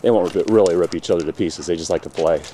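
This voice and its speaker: A man's voice: low-pitched, gravelly. A man filming his dogs in his backyard on a handheld camcorder, teasing them and egging them on in casual home-video chatter. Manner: playful, eggs the dogs on with teasing shouts. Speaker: dog owner filming his pets. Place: backyard outdoors. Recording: noisy home camcorder audio. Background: dogs playing.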